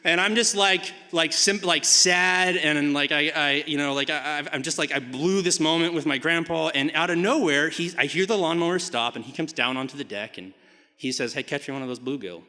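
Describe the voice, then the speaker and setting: Animated high-voiced man telling a story. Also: normal speed, hardly any pauses. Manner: animated, rambling with many fillers, big swings from hushed to shouting. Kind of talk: live personal storytelling. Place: theater stage before a live audience. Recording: hall reverb from a live stage.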